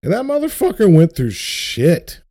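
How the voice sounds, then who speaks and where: Young man, podcast co-host, slow deliberate delivery, profane impassioned rant. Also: high voice, wildly swooping pitch, dark tone. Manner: ranting, profane, passionate about faith. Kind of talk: casual podcast chat.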